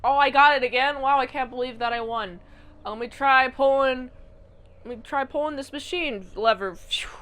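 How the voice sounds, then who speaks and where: A brash male crook, greedy and easily bored, talks loud and excitable with a sarcastic streak, as a woman puts him on in a casual recap. The voice sits high. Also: normal speed, smooth.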